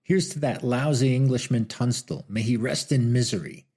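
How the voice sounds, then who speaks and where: Brief: menacing saloon stranger, voiced by a male narrator, gravelly, barking. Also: medium pitch, moderate pace, dark tone. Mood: roaring. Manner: barking, roaring, crooked grin. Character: rowdy menacing stranger, grown man, boastful.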